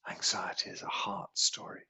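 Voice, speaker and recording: A man teaching a qigong healing class, guiding a slow, soothing meditation with repetitive phrasing. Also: bright, forceful tone, whispered.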